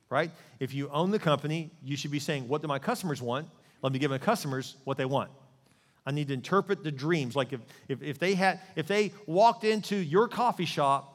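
A male pastor preaching a sermon in a lively way, often putting questions to his listeners. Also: on the high side, in a large hall. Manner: animated preaching, asks the crowd questions.

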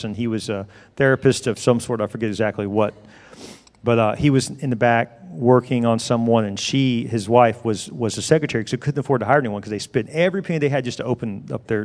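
A man's voice: mid-range voice, darkish tone. A middle-aged male pastor preaching a sermon in an emphatic, conversational storytelling manner. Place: church sanctuary. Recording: long reverb of a large hall.

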